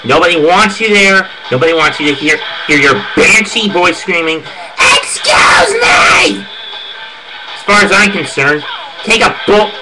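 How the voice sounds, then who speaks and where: A fairly high-voiced man talks through his predictions in a loose, casual monologue. He gets opinionated and heated. Music plays clearly underneath him the whole time. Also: rough recording. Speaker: wrestling fan giving event predictions.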